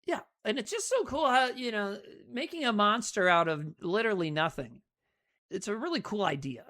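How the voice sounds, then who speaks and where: Lively, swearing woman podcast co-host. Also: medium pitch, normal speed. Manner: animated, profane movie recap full of acted quotes. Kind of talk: casual chat.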